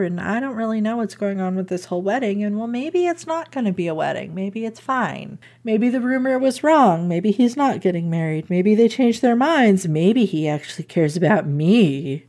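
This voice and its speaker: A woman's voice: medium pitch, darkish tone. A woman hosting a casual chat, retelling a story in an irreverent, giggly way with swearing. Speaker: podcast host.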